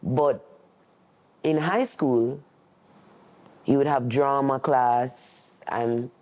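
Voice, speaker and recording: A male sign language interpreter speaks for a deaf guest, using the first person. He sounds mellow and warm at a medium pitch, and his delivery is very slow, earnest, steady and reflective.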